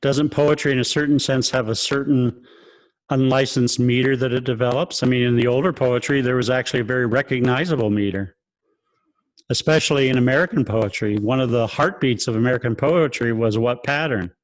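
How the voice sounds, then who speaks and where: A choir director with a mid-range, fairly even voice lectures a little fast during an online rehearsal, recorded over a video call with no room sound. He poses rhetorical questions, sings examples, and chuckles often as he explains.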